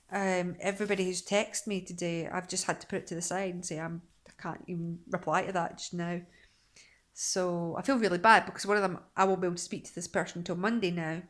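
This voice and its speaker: A young woman, chatting casually in a daily vlog, rambling with restarts and quick laughs. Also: fairly low pitch. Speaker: vlogger.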